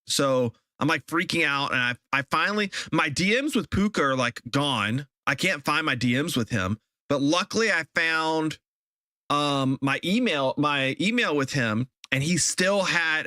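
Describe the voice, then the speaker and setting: Bright-voiced ranting male streamer. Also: on the high side, lively intonation, moderate pace, dry recording, studio quality. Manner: ranting, exasperated, repeats himself. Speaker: game streamer. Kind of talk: casual live-stream chat.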